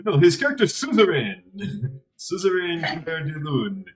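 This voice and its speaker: A man's voice: a little high, big pitch swings, unhurried, a little hiss or hum, low-quality recording. A man acting as game master, chatting animatedly and laughing often between lines. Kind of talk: tabletop game chat.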